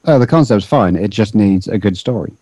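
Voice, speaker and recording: Low, mellow man with dry humor. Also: animated, fairly quick, dry recording, rough recording. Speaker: podcast co-host. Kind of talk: casual gaming chat.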